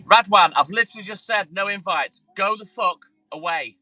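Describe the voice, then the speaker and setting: A high-pitched milkman livestreams from his van during his round, speaking at a moderate pace against a noisy background. In this casual stream chat he grumbles and swears while talking to viewers and his dog.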